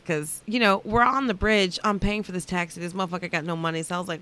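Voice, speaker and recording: A woman's voice: mid-range voice, fast talker, few pauses, smooth. A woman comedian chatting as a podcast guest, telling stories animatedly, swearing and saying "like" a lot. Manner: animated, swearing, many "like"s, acts out quotes. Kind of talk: casual podcast chat, storytelling.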